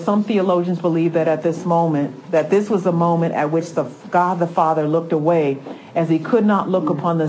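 A woman's voice: fairly low pitch, a little mellow, slight background noise, low-quality recording. A woman teaching a Bible lesson with fervor, reading scripture aloud and breaking into exclamations of praise.

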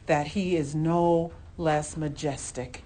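A woman's voice: low-pitched, steady tone, slow, warm tone. A woman leading an informal Bible study, speaking fervently and often exclaiming.

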